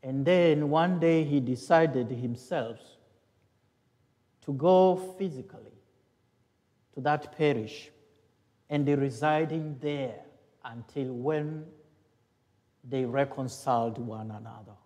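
A man, a priest, giving a homily in a halting way, pausing to search for words, in a church. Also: medium pitch, warm tone. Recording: long church reverb.

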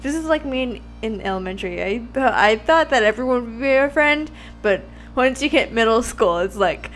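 A woman's voice: a little high, lively intonation, moderate pace, soft background music. A young woman hosting a game playthrough, reading aloud and commenting in a chatty, self-deprecating way, often tripping over words. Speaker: let's play host.

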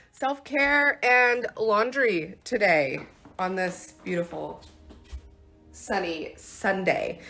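A woman in her thirties, a lifestyle blogger talking casually into her phone while walking through her house. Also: mid-range voice. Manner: chatty, bubbly, excitable. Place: house interior.

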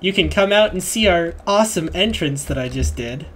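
Laid-back, teasing gaming host. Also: male voice, high voice, lively intonation, moderate pace, a bit bright, slight background noise. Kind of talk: casual let's-play chat.

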